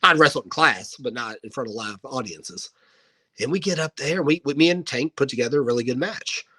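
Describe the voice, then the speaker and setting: Man, 30s, interview guest, animated storyteller, forceful bright tone, mid-pitched. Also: brisk, breathy edge, poor audio. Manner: animated anecdote-telling, acting out quoted dialogue. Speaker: guest, professional wrestler.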